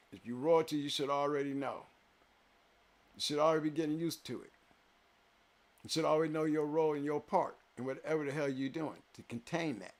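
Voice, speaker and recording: A man whose voice is notably high addresses viewers on a live stream as the show's host, restating his points to give them weight. He moves from forceful, loud declarations into soft, low reflection and back.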